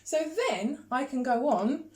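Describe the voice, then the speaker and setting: A woman leads a video music lesson, counting in beats and sounding out rhythms in steady chants. Her voice sits fairly high for a woman. It carries the echo of a bare room. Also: a little slow. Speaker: music teacher. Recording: echoey room.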